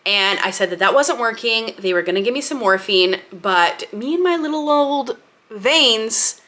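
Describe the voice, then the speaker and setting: Bright-voiced young woman telling a story. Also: on the high side, unhurried. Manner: chatty and candid, laughing often, with lively acted-out quotes. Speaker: lifestyle vlogger. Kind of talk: casual storytelling to camera.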